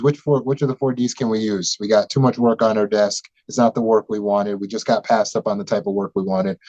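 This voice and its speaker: A man coaching a trauma recovery class in a conversational manner, acting out quoted people with sudden high-pitched voices. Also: a little mellow, no room sound, highs cut off.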